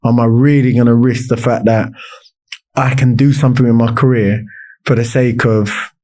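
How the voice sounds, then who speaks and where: A man's voice: medium pitch, little pitch movement, moderate pace, warm tone. A man, a podcast guest telling his life story in casual talk, with many restarts and fillers.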